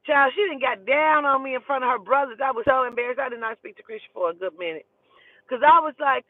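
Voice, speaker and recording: A man from Oklahoma telling animated, profane stories in a casual way, often calling the listener "child". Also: extremely high pitch, quick pace, no echo. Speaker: storyteller. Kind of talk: casual storytelling. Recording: dry tinny phone-like sound.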